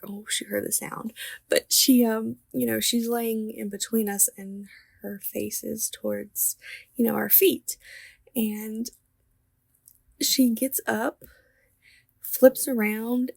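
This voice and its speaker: Young woman artist vlogger, slow and dry-voiced, casual storyteller who laughs and whispers. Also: on the high side, creaky, a little mellow, slightly rough, no room sound. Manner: chatty, laughing, drops to whispers. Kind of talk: casual storytelling while sketching.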